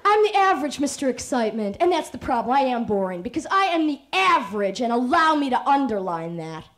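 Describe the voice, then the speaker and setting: Very high-voiced, provocative spoken-word woman. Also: sing-song, fairly quick, fairly bright tone. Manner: provocative, swinging between sultry murmurs and defiant outbursts. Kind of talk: confrontational spoken-word performance.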